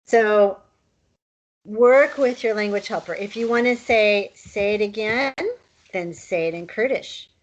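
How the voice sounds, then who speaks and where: A woman's voice: medium pitch, expressive, unhurried, rough recording. A woman teaching a recorded online language lesson in a casual, chatty way, with fillers and asides.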